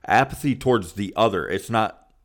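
A man's voice: fairly low pitch, expressive, moderate pace. A man co-hosting a podcast, in blunt, emphatic casual chat, swearing freely.

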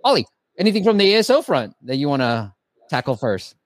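A man's voice: a little high, very animated, brisk, no room sound. Chatty man hosting a live stream. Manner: chatty, filler-heavy. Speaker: live stream host reviewing apps. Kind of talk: casual live stream chat.

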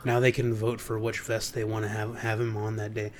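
A young man co-hosting a podcast, chatting casually and rambling through stories, sometimes jumping into high mocking voices. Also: completely flat delivery, brisk, crowd noise. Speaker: podcast co-host. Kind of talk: casual chat.

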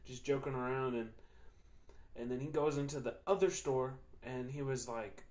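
A man's voice: medium pitch, moderate pace, darkish tone. A young man hosting a podcast, telling stories in a loose, slangy, profane way and laughing often. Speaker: podcast host. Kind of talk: casual storytelling chat.

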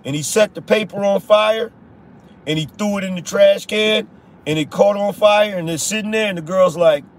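High-pitched blunt male podcast host. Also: normal speed. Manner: blunt, emphatic, repeats rhetorical questions; casual slang, swears. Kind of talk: conservative opinion commentary.

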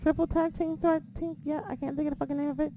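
A woman's voice: high-pitched, flat delivery, quick pace, warm tone, a little hiss or hum. A woman co-hosting a casual wrestling podcast, blunt and heavily profane as she rants about the show and her critics. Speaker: podcast co-host.

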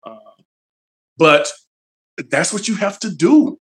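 A man's voice: high voice, very animated, slow, fairly bright tone. A man, a fitness trainer guest, giving blunt, motivating advice in a casual interview. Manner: blunt, motivating, plain-spoken.

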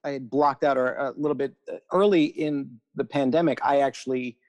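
A man talking as a podcast guest in a casual chat, animated and rushing in quick bursts with frequent restarts. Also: mid-range voice.

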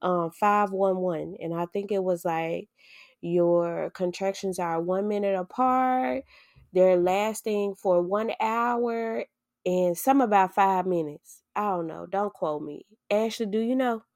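A woman hosting a podcast, telling a personal story in casual chat, animated, acting out what people said and swearing freely. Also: mid-range voice, takes it slowly, no echo, clean studio sound.

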